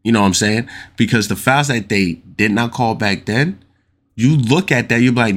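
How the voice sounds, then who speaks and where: A man with a mid-range, slightly bright voice hosts a casual solo podcast at a moderate pace. He talks loosely and full of slang, repeats himself, and gets worked up arguing his points, forever asking "you know what I'm saying."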